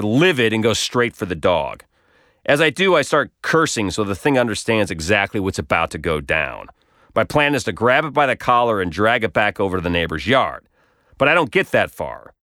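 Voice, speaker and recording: A man narrating his own comic story in a wry, dryly humorous tone. His voice sits low but moves around a lot, with plenty of lift and fall. The sound is close and dry, with no room to it. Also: fairly bright tone, no echo. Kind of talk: scripted narration.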